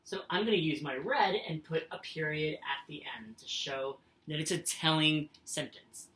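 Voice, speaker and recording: A woman's voice: sits low, normal speed, a bit bright, a little hiss or hum. A woman teacher giving a recorded lesson, patient and sing-song, reading example sentences aloud with exaggerated expression. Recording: echoey room.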